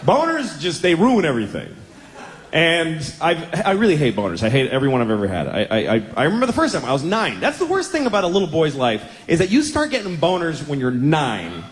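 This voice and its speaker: A man's voice: fairly high pitch, wildly swooping pitch, a little fast, in a large hall, a little hiss or hum. A man in his forties doing a stand-up routine, crude, rambling and self-deprecating. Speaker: stand-up comedian.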